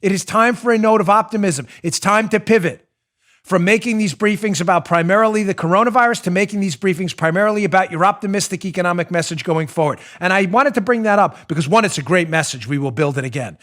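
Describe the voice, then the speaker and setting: A man hosting a political talk show, animated and mocking, often breaking into laughter. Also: high-pitched, fast talker. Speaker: host.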